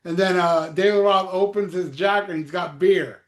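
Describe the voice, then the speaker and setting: Animated man telling stories in an echoey room. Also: sits high, normal speed. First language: Spanish. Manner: animated storyteller, swears freely. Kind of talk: casual chat.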